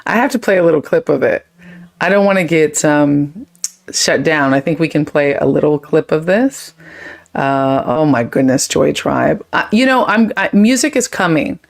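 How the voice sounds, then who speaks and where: A woman's voice: low voice, animated, vocal fry. A woman hosting a live chat stream, talking casually and effusively as she reads viewer comments and thanks them. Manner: quick, chatty, drifts between topics. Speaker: livestream host.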